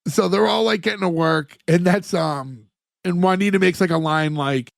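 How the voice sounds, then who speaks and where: A man's voice: fairly high pitch, brisk, gravelly, no echo, studio quality. A man co-hosting a podcast in casual chat, retelling scenes at length with lots of "like" fillers. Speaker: podcast co-host recapping a sitcom episode.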